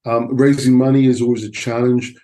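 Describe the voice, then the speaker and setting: A man's voice: mid-range voice, flat delivery, a little fast, dark tone. A middle-aged man from England, a film director chatting as a guest and telling stories with many fillers and restarts. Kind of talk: casual interview chat.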